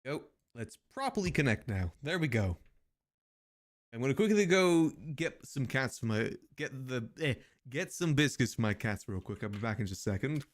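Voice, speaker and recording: A man chatting casually on a live stream, tossing joking asides to his viewers. His pitch moves in a lively, animated way. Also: normal speed.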